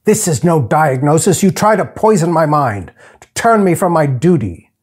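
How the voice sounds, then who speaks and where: A man's voice: on the high side, animated, moderate pace, a little mellow, slightly rough, voice pushed up. A man reading aloud, voicing a hard, bitter soldier captain who talks in curt, harsh bursts. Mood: troubled, angry.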